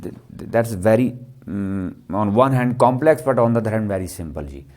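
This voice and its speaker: A man giving a classroom lecture, often asking his students "clear?" and answering his own questions. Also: on the low side, lively intonation, fairly quick, darkish tone. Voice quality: repetitive, question-and-answer teaching style. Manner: checks understanding with frequent "clear?" and "ji".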